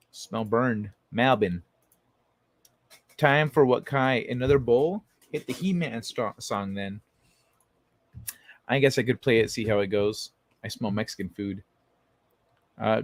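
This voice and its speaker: A man's voice: medium pitch, a little slow, long pauses, no echo. A man hosting a livestream in casual, playful, profane chat, laughing often. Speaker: livestream host.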